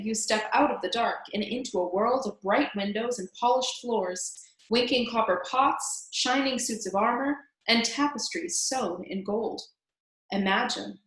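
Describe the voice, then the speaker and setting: A woman reading a children's novel aloud in an expressive way, speaking directly to the listener as "reader". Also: on the high side. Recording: roomy echo.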